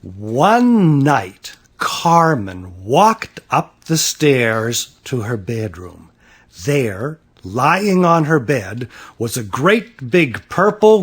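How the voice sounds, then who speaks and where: Slow, animated man reading a storybook. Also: mid-range voice, slightly rough. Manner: animated, playful storytelling with slow dramatic pauses. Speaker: author reading his own picture book. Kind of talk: picture-book read-aloud.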